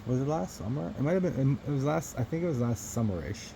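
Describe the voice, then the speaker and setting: A man's voice: medium pitch, expressive, fast talker, creaky, dark tone, a little hiss or hum, low-quality recording. A man vlogging to his phone camera, telling a rambling story in a casual, profane way and chuckling between remarks.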